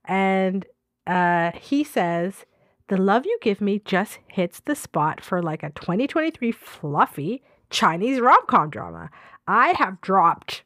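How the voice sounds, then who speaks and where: A woman's voice: medium pitch, big pitch swings, slow, a bit bright, no room sound. Woman, podcast co-host, enthusiastic chat, gushing, dry close sound. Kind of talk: casual chat.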